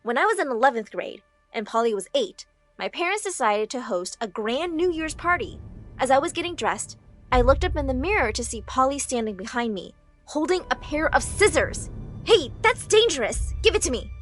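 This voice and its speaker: A woman's voice: high voice, moderate pace, soft background music. A woman narrating a first-person storytime and acting out the dialogue. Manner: animated, acts out the dialogue.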